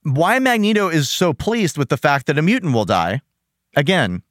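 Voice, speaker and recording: Enthusiastic male podcast host, lively delivery, close dry mic. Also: moderate pace, no echo. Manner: enthusiastic, animated, acts out quotes in high voices. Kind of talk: casual chat reviewing a cartoon.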